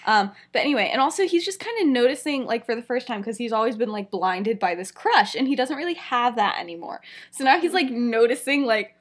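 A young woman co-hosting a podcast, retelling a story in casual chat, animated, with lots of fillers. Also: fairly high pitch, a little fast. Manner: animated storytelling, many fillers, frequent laughs. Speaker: podcast co-host.

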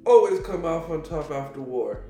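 A man's voice: on the high side, lively intonation, normal speed, dark tone, reverberant, faint music behind. A man chatting casually about world politics on a podcast, rambling, restarting sentences and swearing offhandedly.

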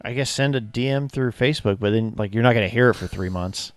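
A man's voice: lowish voice, quick pace, no echo, faint music behind. A man in his thirties, a police officer co-hosting a podcast, chatting casually and acting out quotes. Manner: animated storyteller, acts out quotes.

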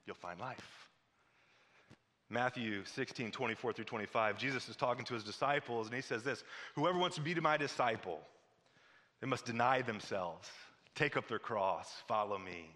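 A man from Missouri preaching a sermon, telling a lively story and then dropping to a soft, hushed appeal. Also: mid-range voice, moderate pace, in a large hall. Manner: animated storytelling, drops to a soft hush for appeals. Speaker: pastor.

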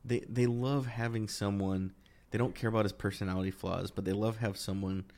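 Male co-host, low voice, casual chat, gets heated and restarts his sentences. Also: a little fast. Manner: animated, rising in pitch when worked up, many restarts.

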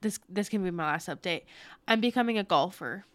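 A young woman co-hosting a podcast, chatting casually and excitedly over a video call, rambling and laughing often. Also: lowish voice, fairly quick, no room sound. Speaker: podcast co-host.

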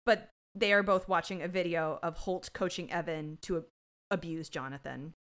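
A woman's voice: lowish voice, steady tone, normal speed. A woman co-hosting a podcast, chatting casually with blunt, emphatic reactions and the odd swear. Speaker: podcast co-host. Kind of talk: casual chat.

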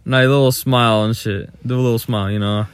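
A man's voice: medium pitch, steady tone, fast, clean tone, no room sound. A young man co-hosting a podcast, casually telling a long, profane story about work. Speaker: podcast co-host. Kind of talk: casual chat.

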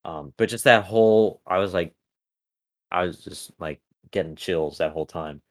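A man's voice: low-pitched, moderate pace. A man co-hosting a podcast, reviewing a TV episode in a rambling casual chat full of fillers and restarts. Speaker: podcast co-host.

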